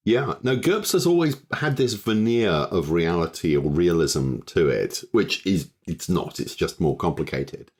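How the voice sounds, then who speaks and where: A man's voice: deep voice, expressive, unhurried, hardly any pauses, darkish tone, husky. A man co-hosting a tabletop game podcast, speaking in a wry, witty and articulate way. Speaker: podcast co-host. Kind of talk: casual chat about tabletop games.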